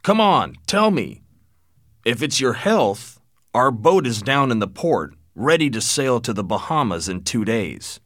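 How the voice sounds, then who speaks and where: A man voicing a blunt, wealthy old father who lectures his son forcefully, in a lively but dry-sounding reading. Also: medium pitch, measured pace, no echo.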